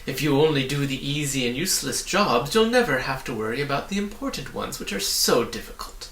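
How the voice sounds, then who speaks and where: A sly, menacing storybook demon of petty chores, put on by a male reader, snarling one moment and wheedling the next. The voice is bright and sharp, and it rings in an echoey room. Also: medium pitch, animated, a little fast.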